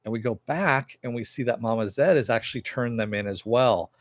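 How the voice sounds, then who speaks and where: A man's voice: medium pitch, a little fast, no room sound. A man reviewing a TV episode in a casual recap, rambling with lots of fillers and some swearing.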